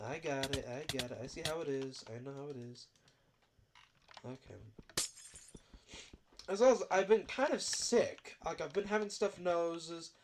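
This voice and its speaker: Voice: mid-range voice, measured pace, pauses often, noisy background. A gaming video creator with a stuffy nose, talking casually and rambling with lots of fillers over gameplay. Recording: loud keyboard typing and clicks.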